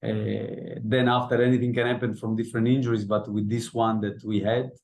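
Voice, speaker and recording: Low, dark-voiced coach at a press conference. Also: male voice, little pitch movement, creaky, low-quality recording. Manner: measured, with frequent hesitations. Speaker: head coach.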